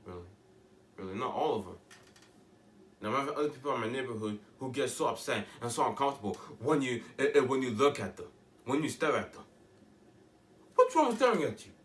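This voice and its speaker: A man's voice: mid-range voice, animated, moderate pace, long pauses, roomy sound, distant mic, slight background noise. A teenage boy talking in a rambling, emphatic way, often restarting and asking rhetorical questions. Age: teens. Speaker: vlogger. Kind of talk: casual monologue to camera.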